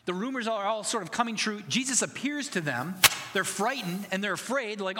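A man's voice: sits high, animated, a little fast, sharp tone, long reverb tail. A man preaching a sermon as pastor, earnest and conversational, building to emphatic passages.

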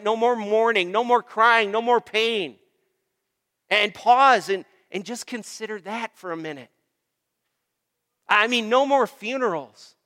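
A man's voice: high voice, fairly bright tone, big-room sound. A man preaching a sermon as pastor, emphatic and repetitive, calling on the congregation for amens. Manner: emphatic, repeats phrases, calls for amens.

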